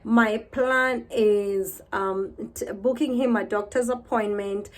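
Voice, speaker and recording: A woman in her thirties vlogging to camera in a casual, heartfelt way, weary and low, repeating herself as she talks of faith. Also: steady tone, takes it slowly.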